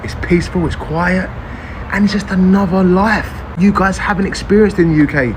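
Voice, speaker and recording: A man's voice: high-pitched, normal speed, a little hiss or hum. A man with a London accent, effusively praising a country he is visiting in a casual vlog, repeating himself. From England. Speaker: visiting tourist.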